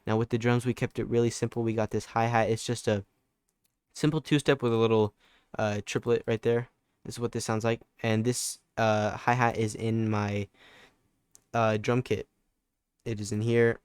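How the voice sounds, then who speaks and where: A man's voice: medium pitch, little pitch movement, moderate pace, darkish tone, clear, resonant tone, dry recording. A young man giving a casual, laid-back music production tutorial, loose and full of fillers and restarts. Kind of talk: casual screen-recorded tutorial.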